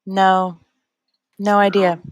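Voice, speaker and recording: A woman's voice: medium pitch, flat delivery, slow pace, no room sound, dull audio. Matter-of-fact woman player. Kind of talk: casual game chat.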